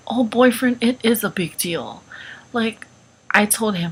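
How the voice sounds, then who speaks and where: A young woman with a husky, mid-range voice vlogs casually, speaking a little slowly and pausing often, on poor audio. Chatty and full of "like" and "um," she tells a personal story in an advice vlog.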